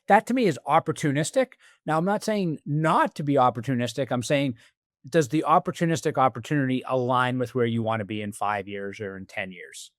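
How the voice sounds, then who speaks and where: A man's voice: mid-range voice, a little fast, no echo, studio quality. A man as a podcast guest, telling stories and acting out quoted dialogue in a conversational interview. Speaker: podcast guest, business executive.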